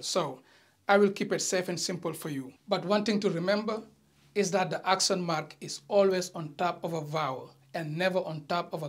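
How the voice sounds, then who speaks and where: Teacher giving a careful online lesson. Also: medium pitch. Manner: slow, careful reading of example sentences; addresses viewers directly, light teasing. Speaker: language teacher.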